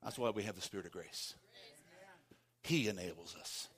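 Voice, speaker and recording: A man preaching a sermon as pastor, calling on the congregation to repeat lines after him and swinging from hushed tones to shouts. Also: low-pitched, moderate pace, breathy edge. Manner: calls for congregation responses.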